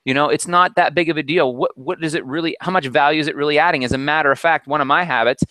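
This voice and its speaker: A man presents a motivational talk over a video call, his voice bright and cutting. He speaks with a preacher's energy, scattering fillers as he pushes his point. The sound is dry and close. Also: a little high, fairly even intonation, fast, no room sound.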